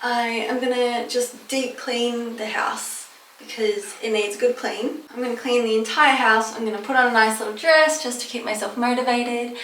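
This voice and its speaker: A woman's voice: fairly high pitch, fairly even intonation, normal speed, fairly bright tone, slight background noise. A woman talking casually to camera at home in a rambling, chatty small-business vlog. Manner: chatty and rambling, loses her train of thought.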